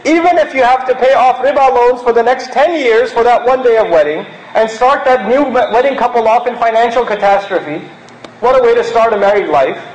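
Very high-pitched and fairly quick, the voice of a Pakistani-born preacher echoes through a reverberant, low-quality recording. He keeps his sermon conversational, playing out brief mocking bits to illustrate what he means.

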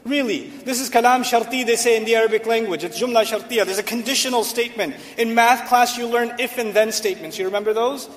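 A man with a strikingly high voice delivers an emphatic sermon, repeating key phrases to drive them home. His words ring out with a long reverb, as in a large hall. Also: fairly even intonation, fast, few pauses. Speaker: Islamic preacher. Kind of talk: sermon explaining Quranic Arabic. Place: hall with a seated audience.

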